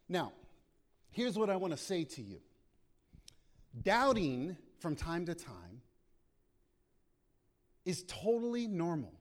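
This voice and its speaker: Male pastor, impassioned sermon delivery, high voice, big swings in pitch. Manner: impassioned preaching, voices prayers aloud.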